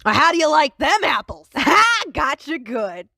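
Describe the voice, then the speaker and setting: A woman's voice: sits high, very animated, measured pace, vocal fry, sharp tone, no echo, studio quality, voice pushed up, exaggerated voice. A woman voicing a brash, cocky female construction worker. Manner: brassy, cocky.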